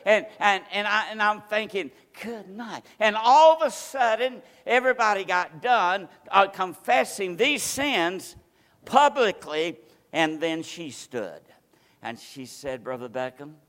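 A man preaching in a church with a high-pitched voice and an unhurried delivery. He tells stories and acts out what people said, dropping to a hush and then rising to loud declarations. His voice rings out with a long reverb through the sanctuary. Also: expressive. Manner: storytelling with acted-out quotes, dynamic swings from loud to hushed. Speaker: pastor. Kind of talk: sermon.

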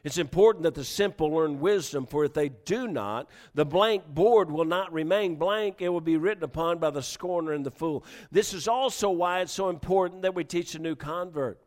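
A middle-aged male preacher giving a sermon, often restarting words and swinging between quiet storytelling and loud exhortation. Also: on the high side, normal speed, hardly any pauses.

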